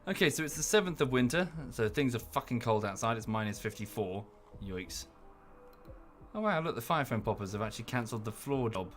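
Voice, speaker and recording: A man's voice: expressive, a little fast. Chatty British man with faint background music. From United Kingdom. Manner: rambling, chatty, hesitant with many fillers; breaks into high, exaggerated voices when quoting people. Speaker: streamer. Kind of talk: casual chat while playing a game.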